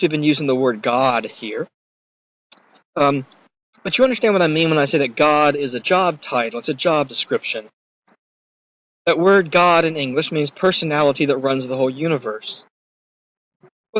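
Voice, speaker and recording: A man's voice: on the high side, a bit bright, low-quality recording. A man giving a recorded course lecture in a conversational, emphatic way, with occasional fillers.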